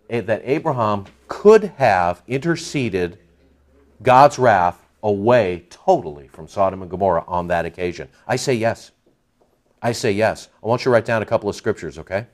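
A man preaching a sermon, lively and emphatic, asking the listeners rhetorical questions. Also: mid-range voice. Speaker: pastor.

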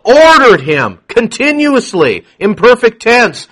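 Guy preaching a sermon, pretty high voice, gets loud and punchy then drops low. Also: animated, unhurried. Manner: emphatic, shifts from low asides to loud proclamation. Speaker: pastor.

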